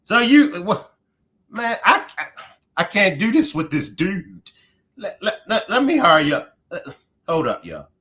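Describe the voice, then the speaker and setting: A man's voice: sits high, wildly swooping pitch, measured pace, sharp tone. A man streaming live, reacting to a clip, who keeps laughing, exclaiming and breaking off mid-sentence.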